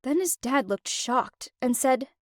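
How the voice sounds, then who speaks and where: A woman narrating an animated first-person story in an emotive, expressive way. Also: high-pitched, unhurried, dry recording, studio quality. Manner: emotive, with wide swings of expression.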